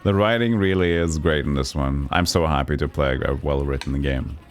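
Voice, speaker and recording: Give me a low-voiced man casually streaming a game and reading its text aloud. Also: normal speed, faint music behind. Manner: chatty, laughs at the jokes, reads narration aloud.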